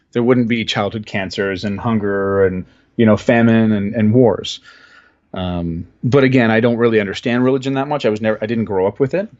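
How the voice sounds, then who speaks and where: Guy from ontario on a podcast, thinking out loud, earnest, kinda muffled lo-fi audio. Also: mid-range voice. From Ontario, Canada. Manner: earnest, thoughtful, searching for words. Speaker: podcast guest. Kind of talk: casual conversation.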